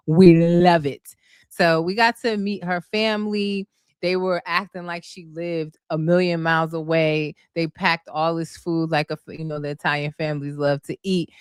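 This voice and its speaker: A woman's voice: sits low, a bit bright, clean tone, no echo, studio quality. A woman chatting casually to her viewers, recapping a reality show and gushing about the cast, calling them y'all and honey. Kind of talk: casual chat.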